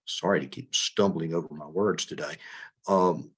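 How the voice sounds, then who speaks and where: A man, a judicial candidate, answering interview questions in a measured way, often stumbling and repeating words. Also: sits low, a bit bright, slightly rough.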